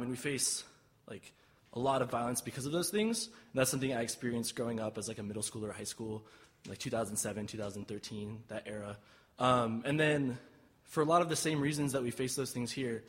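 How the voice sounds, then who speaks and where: A man from Austin, Texas, a poet casually introducing his reading at a live event, laid-back with many fillers. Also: medium pitch.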